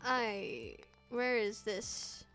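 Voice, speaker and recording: A woman's voice: fairly high pitch, drawn-out words, vocal fry, fairly bright tone. A young woman streaming a game, chatting to herself playfully and slipping into mock old-fashioned phrases. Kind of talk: casual gameplay commentary. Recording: faint game music behind.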